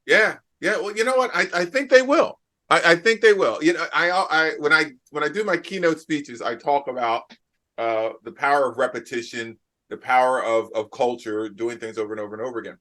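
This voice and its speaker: A podcast host from New Jersey with a bright, forceful voice that sits a little above the usual male range. He talks with energetic emphasis and likes to drive a point home by repeating it. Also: a little high, brisk. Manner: emphatic, repeats phrases for effect. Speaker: podcast host and keynote speaker. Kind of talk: casual interview chat.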